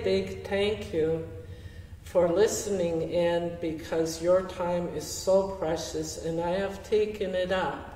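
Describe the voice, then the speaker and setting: An older woman giving a heartfelt talk with audience questions, speaking gently and reflectively with soft laughs. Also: lowish voice. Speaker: speaker sharing teachings through her late husband's art. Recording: roomy hall, voice from far off the mic.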